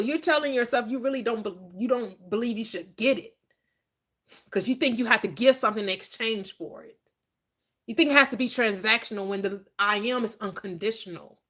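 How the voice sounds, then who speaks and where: Here a spiritual teacher speaks at a fairly high pitch with a somewhat bright tone. Her lesson on manifestation has a preacher's style, full of emphasis and repetition, with questions she answers on her own.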